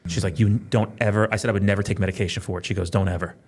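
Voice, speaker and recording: Profane, animated man telling stories. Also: low voice, breathy edge. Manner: profane, fast-talking, animated storytelling. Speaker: podcast guest, police trainer. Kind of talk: casual podcast chat.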